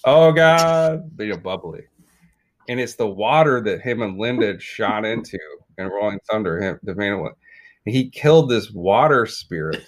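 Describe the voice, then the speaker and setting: A man co-hosting a comedy podcast, riffing through an absurd story in a rambling, animated way. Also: lowish voice, normal speed. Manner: rambling, animated, repeats himself. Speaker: podcast co-host.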